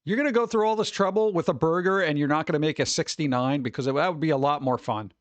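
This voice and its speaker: Male streamer host, highish voice, rambling jokey chat, dry close mic. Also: quick pace, no echo, dull audio. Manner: rambling, jokey and animated, with exaggerated rants. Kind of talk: casual chat reacting to viewer messages.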